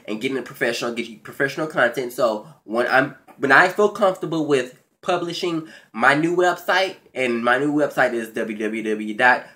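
A man hosting his own video channel, giving a casual, profane, animated recap of a reality show, with big jumps in pitch and loudness and excited stammers. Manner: stammers and restarts when excited. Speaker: YouTube show recap host.

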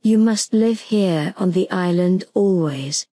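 A woman reading the part of a wise, grim old male bird in a bedtime storybook, calm and unhurried, close to her own voice. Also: on the low side, no echo.

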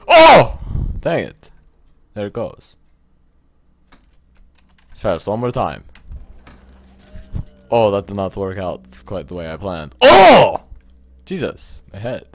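A man doing gaming commentary, excitable, yelping and shouting at what happens in the game. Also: on the low side, takes it slowly, pauses often, no room sound. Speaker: let's play gamer.

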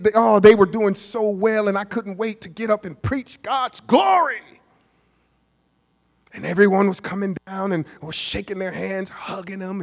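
A man, a pastor preaching a storytelling sermon, moving from hushed asides to shouted peaks. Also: high-pitched, creaky. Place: church sanctuary. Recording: long hall reverb of a church.

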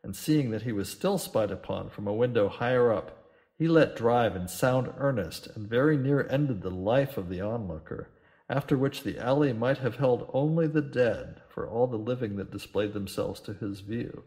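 Man, audiobook narration, measured, steady, mid pitch.

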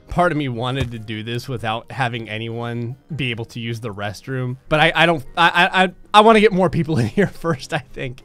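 A man's voice: fairly high pitch, fairly bright tone. A young man giving sarcastic, laughing commentary while he plays a video game and talks to its characters. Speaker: gaming YouTuber. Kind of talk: casual gameplay commentary.

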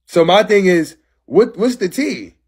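A man's voice: high voice, expressive, measured pace, darkish tone, husky. A man in his twenties ranting casually on a live stream, brash and profane, calling someone out with sass. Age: 20s.

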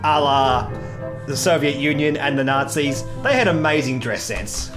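A man's voice: mid-range voice, animated, normal speed, music in the background. A young man, chatting playfully and giggling while playing a game with a friend. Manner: playful, giggly, exclaims loudly. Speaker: let's-play host. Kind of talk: casual gameplay chat.

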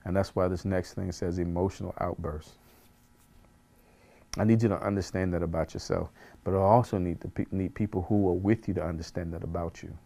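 A man's voice: low voice, steady tone, fairly quick, gravelly, warm tone. A man, a pastor, teaching a Bible study in an earnest way, repeating phrases for emphasis and chuckling at himself.

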